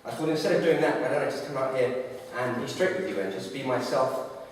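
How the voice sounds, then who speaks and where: A man's voice: mid-range voice, slight background noise, natural voice. A man on stage playing an awkward male comedian who stalls with uh and restarts, recorded from far off in an echoey dance studio. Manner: halting, full of uh and restarts. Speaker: live performer. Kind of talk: stage reenactment of a stand-up routine. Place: dance studio, in front of an audience. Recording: echoey hall, mic far off.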